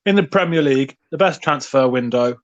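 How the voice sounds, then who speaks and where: A man's voice: mid-range voice, a little fast, lo-fi sound. A man hosting a casual debate podcast, cheeky and argumentative. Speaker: host.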